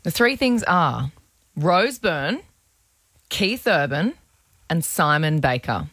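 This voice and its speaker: A woman's voice: sits low, sing-song, slow, fairly bright tone, no echo, studio quality. Chatty Australian female radio host. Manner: chatty, gushing. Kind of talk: breakfast radio banter with callers.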